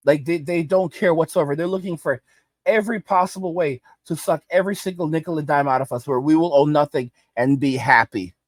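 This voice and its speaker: A man's voice: on the high side, fairly quick, no room sound. A male host delivering an angry, emphatic rant, repeating his points over and over. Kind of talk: ranting commentary.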